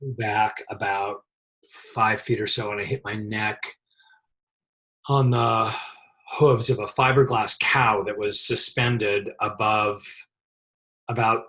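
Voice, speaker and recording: A middle-aged man, a set dresser, telling a lively anecdote in an interview and laughing often as he talks. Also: lowish voice, takes it slowly, long pauses.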